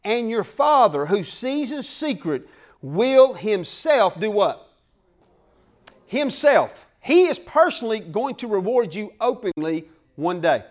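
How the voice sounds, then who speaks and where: A male pastor delivers a sermon in a very high-pitched voice. He preaches emphatically in plain, folksy speech and keeps checking in with his listeners. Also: big pitch swings, a little slow. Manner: emphatic preaching with call-outs to the congregation.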